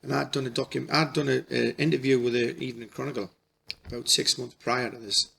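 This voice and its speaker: A middle-aged man telling a personal story in a halting, emotional way, restarting his sentences often. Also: mid-range voice, fairly even intonation, vocal fry, pushed and bright, breathy edge. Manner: halting, repeats and restarts, folksy dialect. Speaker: spiritual healer.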